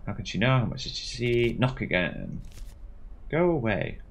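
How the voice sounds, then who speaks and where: A man's voice: fairly low pitch, big pitch swings, a little fast, vocal fry, slight background noise. A man reading a mystery game aloud, with wry, dry asides between passages.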